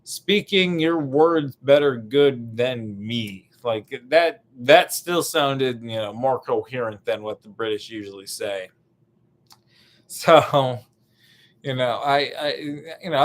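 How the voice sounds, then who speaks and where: A young American man doing a rambling, profane stand-up bit, full of fillers and restarts, now and then bursting into loud put-on voices. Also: medium pitch, slow pace. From United States. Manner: meandering, profane, lots of fillers, sudden shouted bits. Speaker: stand-up comedian.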